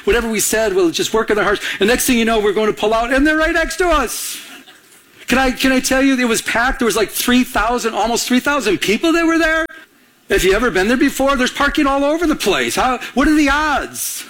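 A man preaching a sermon as a pastor, telling a personal story with animated energy and laughing at himself. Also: very high voice, fairly quick.

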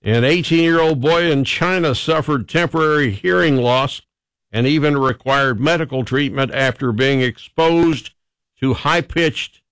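A man's voice: medium pitch, fairly bright tone, no room sound. A man hosting a radio call-in show, chatting casually in a folksy, rambling, self-deprecating way. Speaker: radio talk show host. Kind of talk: casual morning radio chat.

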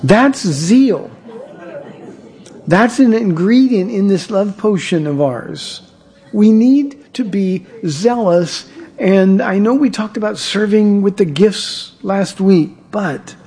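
A man preaching a sermon in a higher, husky voice with a dark, mellow tone. He speaks earnestly and often repeats words as he restarts his sentences. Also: animated, takes it slowly. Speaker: pastor.

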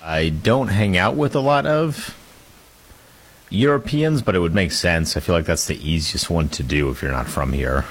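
A man co-hosting a sports talk radio show, speaking in a dry, measured way. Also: sits low, lively intonation, slightly rough. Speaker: radio co-host.

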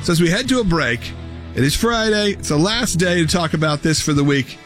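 Man, radio host, fairly high voice, earnest appeal, faint music. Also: a little fast. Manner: earnest, energetic pitch with repetitions. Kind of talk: talk radio fundraising appeal.

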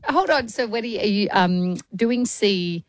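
A woman co-hosting a radio show and teasing her co-host in a quick, playful way. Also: medium pitch, expressive, no echo, studio quality. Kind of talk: casual banter.

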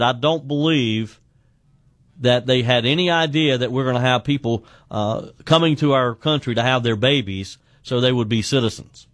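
Male talk radio host, average pitch, dry close studio sound, chatty with frequent restarts. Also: no room sound. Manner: conversational, repeats words when starting sentences.

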